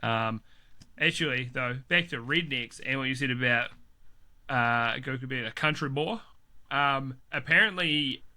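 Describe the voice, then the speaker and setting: A man's voice: medium pitch, a little slow, bright, forceful tone. A man chatting casually as a podcast co-host, swearing freely, laughing often and restarting his sentences. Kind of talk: casual chat.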